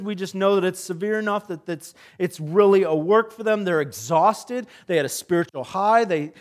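A male pastor with a high-pitched voice preaches a sermon, telling a story animatedly and swinging between loud and soft passages.

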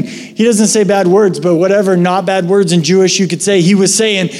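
Pastor, male, casual and animated sermon delivery, high voice, long hall reverb. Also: normal speed, hardly any pauses. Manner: conversational, animated storytelling. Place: church sanctuary.

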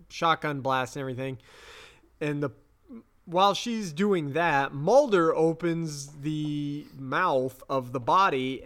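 A man's voice: on the high side, a bit bright, clear, resonant tone. Chatty man recapping an episode. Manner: chatty, laughing, swears. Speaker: podcast co-host.

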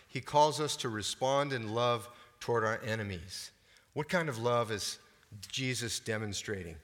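A man's voice: lowish voice, a bit bright, long reverb tail. An older man preaching a sermon as pastor, talking conversationally and often asking the congregation questions.

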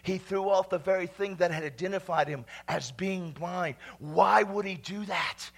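A man preaching a sermon, swinging from loud shouts to hushed whispers and calling on the congregation to repeat after him. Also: high-pitched, moderate pace, creaky, few pauses.

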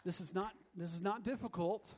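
A man's voice: high-pitched, moderate pace, a little hiss or hum. A man leading a church congregation, teaching them a song with upbeat, coaxing and teasing remarks. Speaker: worship leader. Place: church room with an audience.

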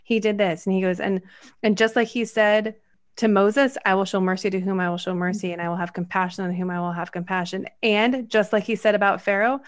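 A woman's voice: medium pitch, a little fast. Enthusiastic woman co-hosting a Bible chat. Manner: animated, quotes scripture at length, runs on excitedly. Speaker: podcast co-host. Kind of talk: casual Bible discussion.

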